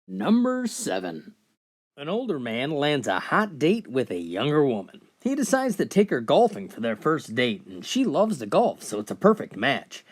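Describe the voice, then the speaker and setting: A man telling jokes in a laid-back, folksy way, starting sentences with "well". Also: a little high. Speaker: joke teller. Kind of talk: storytelling jokes.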